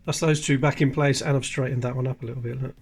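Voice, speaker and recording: Male host, mid-pitched, casual and explanatory, coin hobby commentary. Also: fairly even intonation, fast talker, faint music behind. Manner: chatty, explains details while handling coins. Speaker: coin collecting channel host.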